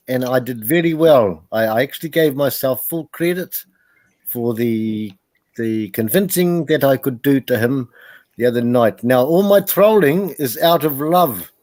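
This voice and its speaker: A man's voice: mid-range voice, a little mellow, no echo. Chatty, self-amused man. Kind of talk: casual online voice chat.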